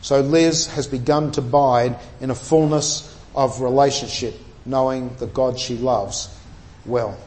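A man preaching a sermon in an earnest, emphatic way, slowing down to stress key words. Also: medium pitch, fairly even intonation, a little mellow.

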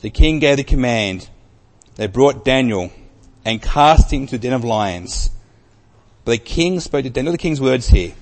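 A male preacher delivers a sermon as emphatic storytelling. He swings from loud to very soft at a middling pitch. His voice carries a long reverb, as in a large church hall. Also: animated, normal speed.

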